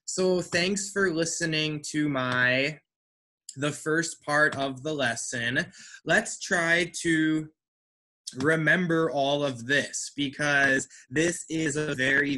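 Male English teacher, unhurried delivery, patient and encouraging, online class over a video call. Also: fairly high pitch, steady tone, pushed and bright, a little hiss or hum. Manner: patient, encouraging, explains step by step. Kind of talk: online language lesson.

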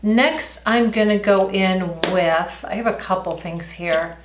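A woman's voice: mid-range voice, slow, noisy background. Middle-aged lady chatting thru her makeup, echoey room. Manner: chatty, talks while applying makeup. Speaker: beauty vlogger. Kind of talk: casual makeup tutorial.

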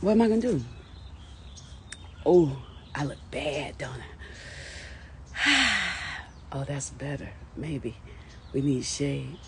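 A tearful woman on the verge of crying live-streams from her yard by the lawn, her deep voice slow, full of pauses yet lively in intonation. She talks to viewers emotionally and repetitively, with nervous laughs and self-talk, over a noisy background.

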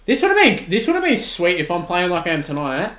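An Australian man in his twenties streaming a football video game, shouting at the plays and then chatting casually with viewers. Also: high voice, fast talker, echoey room. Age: 20s. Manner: excitable, swings from shouting at the game to relaxed chat. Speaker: gaming streamer. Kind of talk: live-stream commentary and chat replies.

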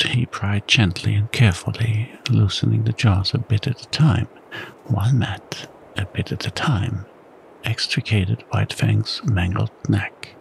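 A man narrating an audiobook as whispered role-play, soft-spoken and calm. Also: fairly low pitch, vocal fry, a little hiss or hum, rough recording.

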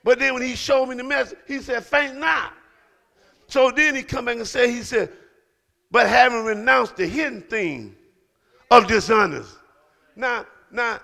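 Pastor guy preaching loud, bright sharp voice, gravelly edge. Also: very high voice, measured pace, pauses often. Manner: preaching with rising shouts and calls to the congregation. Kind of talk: sermon. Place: church sanctuary.

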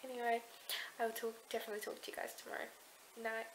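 A woman's voice: fairly high pitch, flat delivery, racing, slight background noise. A young woman chatting casually to camera in a vlog diary, rambling and gushing. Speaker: vlogger. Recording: echoey room with faint ambience.

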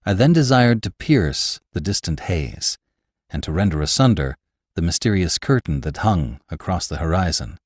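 A man hosting a podcast, reading a classic novel aloud in a measured, expressive way. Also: sits low, no echo, studio quality. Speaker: host and narrator. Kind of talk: audiobook narration of a classic novel.

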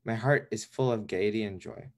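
A man's voice: on the low side, normal speed, close to an everyday voice. A man voicing a proud, vain male rooster in a storybook reading, with grand, formal speech.

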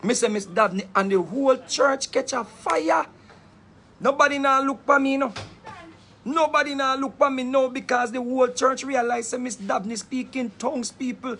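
High-voiced Jamaican man telling a story. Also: normal speed, vocal fry, breathy edge. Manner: animated, laughing often, patois-heavy, dramatic retelling. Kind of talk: casual storytelling.

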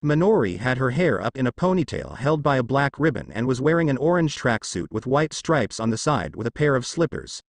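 A man narrating a fan fiction story aloud in a plain, steady reading voice with occasional misread words. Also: mid-range voice, fairly quick, hardly any pauses, dry recording.

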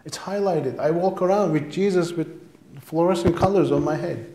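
Emphatic preacher in an echoey church. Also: male voice, fairly high pitch, normal speed, dark tone. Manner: emphatic preaching, repeats phrases for stress. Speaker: pastor. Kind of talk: sermon. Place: church sanctuary.

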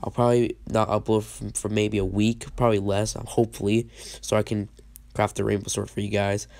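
A man's voice: lowish voice, little pitch movement, fairly quick, creaky, darkish tone, no room sound. A man with a sick voice giving casual, rambling game commentary, often stopping to restart his sentences. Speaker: gaming channel host.

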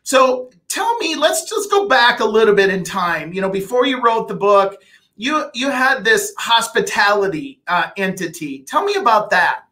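Male podcast host: high, bright, eager questions, halting fillers. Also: big pitch swings. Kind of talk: podcast interview hosting.

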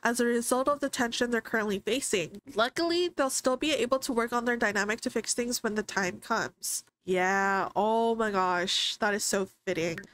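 A young woman casually commenting on a life-simulation game, chatty and excitable, often voicing her characters' thoughts. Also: fairly high pitch, moderate pace, hardly any pauses, no room sound. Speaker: gaming streamer. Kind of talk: casual let's-play commentary.

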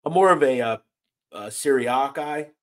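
With an expressive mid-range voice at a moderate pace, an American host works through comments on his casual livestream. He answers them bluntly, cursing freely and sounding fed up.

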